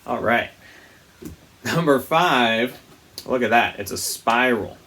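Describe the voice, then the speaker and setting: A man teaching a music lesson to young children, speaking gently and patiently and demonstrating vocal slides with high sung sounds. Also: animated, takes it slowly.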